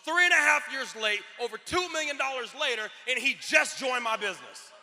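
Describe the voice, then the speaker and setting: High, bright-voiced man preaching on stage. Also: expressive, fairly quick. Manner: preaching, playful, drops to a murmur, then bursts out shouting. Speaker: motivational speaker. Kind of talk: stage talk to a live audience. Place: large conference hall. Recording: long hall reverb.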